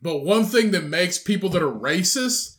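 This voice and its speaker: A man's voice: sits high, animated, moderate pace, fairly bright tone. A young man co-hosting a podcast, swearing freely and restarting his sentences in casual chat. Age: young adult. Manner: swears a lot, stumbling restarts, laughs hard. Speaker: podcast co-host.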